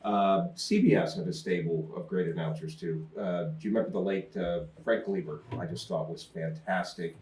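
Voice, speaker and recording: A man's voice: sits low, fairly even intonation, moderate pace, hardly any pauses, a little mellow. A man co-hosting a casual sports talk show, chatting easily with frequent fillers. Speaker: co-host. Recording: roomy echo, voice distant from mic.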